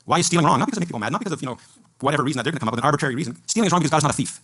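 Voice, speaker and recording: A man giving a fervent debate speech to an audience at a live event, preaching in rapid-fire bursts. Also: a little high, expressive, fairly bright tone.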